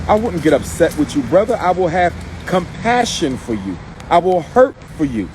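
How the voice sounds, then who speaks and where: Guy ranting on a live stream, repeats himself a lot, pitch kinda high, bit of street noise. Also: a little mellow, low-quality recording. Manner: emphatic and repetitive, addressing someone directly. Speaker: activist commentator.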